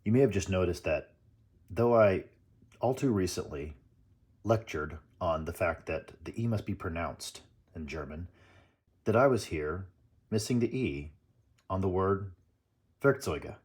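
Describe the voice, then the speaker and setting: A man's voice: low voice, expressive, unhurried, pauses often, darkish tone, slightly rough. A man hosting his tool channel, chatting casually and nerdily through an unboxing and correcting himself as he goes. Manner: chatty, nerdy, self-correcting.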